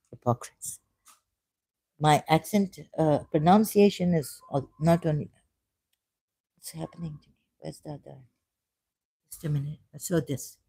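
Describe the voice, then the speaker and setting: A woman from Pakistan talks in a rambling monologue, her voice mellow and warm. She drifts between quiet asides and sudden emphatic bursts, repeating phrases, recorded dry and close with no room sound. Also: deep voice, no room sound. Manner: digressive, repeats phrases, shifts from soft asides to emphatic raised outbursts. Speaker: ex-Muslim speaker sharing his views.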